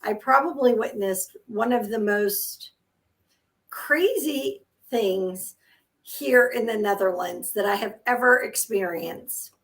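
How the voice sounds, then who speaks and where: A woman in her fifties, co-hosting a casual chat and telling a story in an animated way, laughing often. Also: medium pitch, takes it slowly. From United States. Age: 50s. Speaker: co-host.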